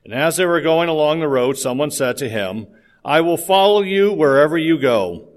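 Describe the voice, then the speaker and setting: A man reading a Gospel passage aloud in a formal, measured liturgical style. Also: fairly high pitch, expressive. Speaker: scripture reader.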